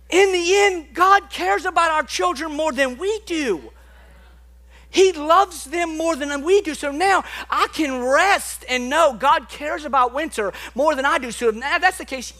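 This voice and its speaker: Young male preacher, high bright voice, animated conversational delivery, church sermon. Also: a little slow. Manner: animated, conversational preaching with sudden drops to quiet intensity. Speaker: pastor. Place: church sanctuary.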